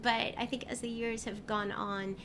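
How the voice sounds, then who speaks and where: A woman's voice: a little high, flat delivery, normal speed. Chatty woman at a noisy convention. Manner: chatty, warm storytelling with many fillers. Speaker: voice actress guest. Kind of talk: casual interview chat. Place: convention venue.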